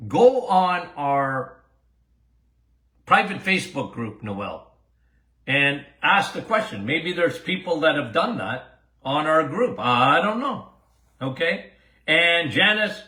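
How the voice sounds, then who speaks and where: Animated older man, bright echoey voice. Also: fairly high pitch. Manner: animated, emphatic, repeats himself, laughs often. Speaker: doctor and show host. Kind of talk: casual listener Q&A podcast.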